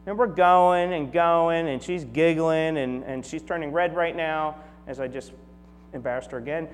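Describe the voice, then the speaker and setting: A man in his forties preaching a conversational sermon. He shifts from lively storytelling to soft, hushed prayerful tones. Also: on the high side, moderate pace, faint music behind. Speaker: pastor. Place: church sanctuary. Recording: long hall reverb with faint mains hum.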